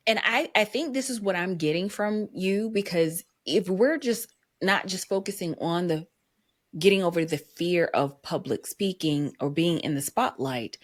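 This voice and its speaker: A woman hosting a podcast interview, chatting enthusiastically and speaking directly to listeners. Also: on the low side. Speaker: podcast host.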